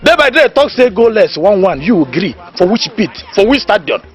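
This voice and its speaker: An actor with a Nigerian accent playing a boisterous village know-it-all who gives mock lessons and laughs mid-sentence. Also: male voice, sits high, very animated, a little fast. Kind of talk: Nollywood comedy film acting. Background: faint background music.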